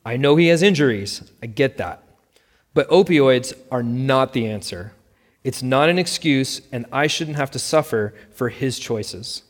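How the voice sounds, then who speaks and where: A man's voice: mid-range voice, lively intonation, measured pace. A man reads as a bitter divorcing mother who snaps and insists, her lines slightly raised and clipped. Her voice rings out in a hall with a long tail of reverb. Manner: snappy, emphatic.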